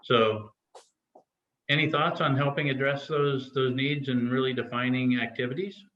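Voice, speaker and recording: Guy running a teacher workshop call, relaxed, asks the group stuff, echoey room, kinda muffled. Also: mid-range voice, normal speed. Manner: relaxed, prompting others with questions. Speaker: discussion facilitator. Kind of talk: online faculty workshop discussion. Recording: echoey, slightly dull video-call audio.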